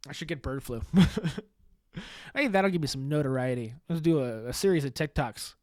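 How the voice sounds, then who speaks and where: A man's voice: mid-range voice, moderate pace, dry recording. Sarcastic man ranting on a dry mic. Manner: deadpan sarcastic, swearing, rambling with restarts. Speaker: podcast host. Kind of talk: sarcastic solo comedy podcast monologue.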